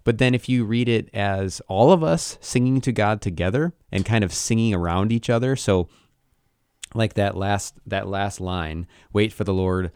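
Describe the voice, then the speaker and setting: A man with a very low, gravelly voice talks through scripture on a podcast. He is thoughtful and halting and often restarts his sentences. The sound is dry and close to the mic. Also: a little mellow, no room sound. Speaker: podcast co-host. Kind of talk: casual Bible discussion.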